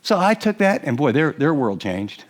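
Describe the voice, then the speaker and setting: A middle-aged man preaching on marriage, lively and laughing often as he acts out what husbands and wives might say. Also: a little high, moderate pace. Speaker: pastor. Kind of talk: sermon on marriage to a live audience.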